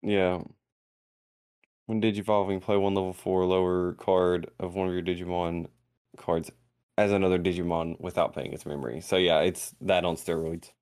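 A man hosting a casual card game podcast, calling on guests for draft picks and reading card effects calmly. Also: low-pitched, normal speed, clear, resonant tone, no echo. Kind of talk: casual chat.

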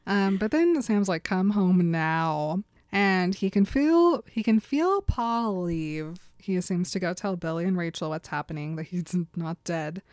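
A woman's voice: lowish voice, unhurried, few pauses, dry recording, studio quality. Chatty woman recapping a story. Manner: animated retelling with acted quotes and laughs. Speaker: podcast co-host. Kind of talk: casual book recap chat.

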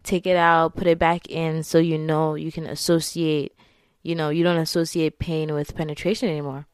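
A woman's voice: deep voice, little pitch movement, normal speed, smooth, no echo. Candid young woman, chatty and dry. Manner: candid, chatty, laughs often, many "like" fillers. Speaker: vlogger. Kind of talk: casual confessional storytelling to camera.

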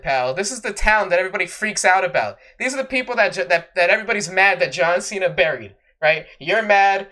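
A man's voice: high-pitched, bright, forceful tone. A man co-hosting a wrestling podcast, ranting in an exasperated, sarcastic way. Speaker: podcast co-host. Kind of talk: casual wrestling podcast rant.

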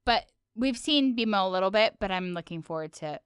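Chatty woman with a smooth voice. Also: medium pitch, expressive, a little fast, no room sound. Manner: chatty, giggly, lots of "like". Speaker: podcast co-host. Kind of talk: casual podcast chat.

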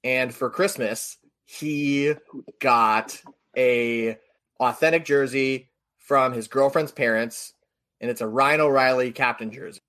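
A man on a podcast telling a story in a casual, animated way, acting out the people he quotes. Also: medium pitch, slow pace.

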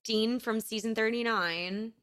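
A woman's voice: a little high, fairly even intonation, measured pace, fairly bright tone, clean tone. A woman hosting a podcast, chatting playfully and tossing out blunt crude jokes. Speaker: podcast host. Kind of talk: casual podcast chat.

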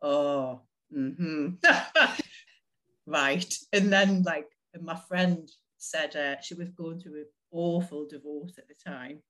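A woman's voice: deep voice, fairly even intonation, slow. Chatty woman telling a personal story. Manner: chatty, laughs often, many fillers like "like". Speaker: interview guest.

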